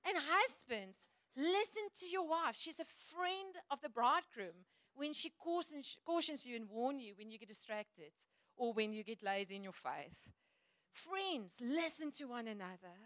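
A woman preaching a sermon to a church congregation, earnest and chatty, and quick to laugh. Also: high-pitched, big pitch swings, fairly bright tone, no room sound, studio quality.

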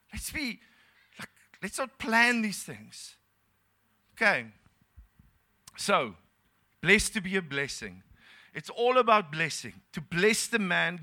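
Male South African pastor, bright, higher-pitched, animated storyteller in a church sermon. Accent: South African English. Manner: animated storytelling, laughing often, acting out dialogue.

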